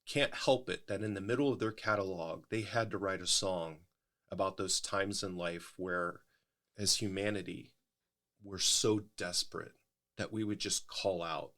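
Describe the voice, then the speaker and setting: Middle-aged pastor guy, really low voice, talks it through slow and thoughtful, restarts a lot. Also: a bit bright. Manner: explanatory, thoughtful, with frequent restarts. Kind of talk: casual podcast conversation.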